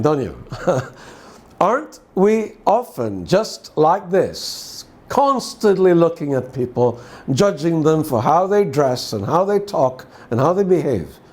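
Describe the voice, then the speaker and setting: A man with a fairly high voice and a distinctive accent reads scripture and then reflects on it. He talks to the listener in a conversational way, with wry questions and dry humor. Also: darkish tone. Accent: distinctive accent, often questioned. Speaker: preacher giving a daily devotional. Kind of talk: gospel reading and reflection.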